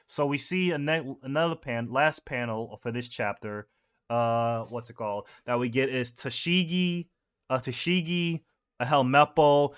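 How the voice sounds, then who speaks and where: A man's voice: fairly high pitch, expressive, unhurried, a bit bright. A young man casually reading through a manga chapter, rambling and correcting himself as he goes. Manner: rambling, self-correcting, chuckling. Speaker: manga reaction host.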